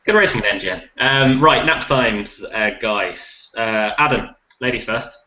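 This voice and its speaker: A man hosts a relaxed racing podcast, his voice bright and forward. He jokes and teases his co-hosts as he wraps up the show. The sound is roomy and a little lo-fi. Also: medium pitch, unhurried. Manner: joking, teasing, laughs often. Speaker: podcast host. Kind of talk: casual chat. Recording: roomy lo-fi recording.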